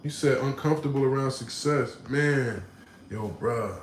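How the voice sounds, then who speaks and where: A man hosting a casual livestream, reading out comments and telling a story in animated, slangy talk with laughs. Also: medium pitch, unhurried, reverberant, a little hiss or hum, rough recording. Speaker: livestream host. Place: home room.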